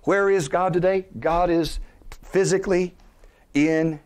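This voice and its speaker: A middle-aged man delivers a sermon with lively energy, tossing questions at his listeners and pushing his voice close to a shout as he builds. His voice sits somewhat high for a man. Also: unhurried, smooth. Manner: animated preaching, rhetorical questions, rising to near-shouts. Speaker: pastor.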